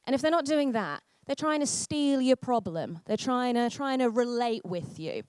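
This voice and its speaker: A young woman performs a stand-up set in a fairly high voice. She is sardonic and self-deprecating and throws quick asides at the crowd. The sound is dry and close. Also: expressive, darkish tone, smooth, no room sound. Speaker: stand-up comedian.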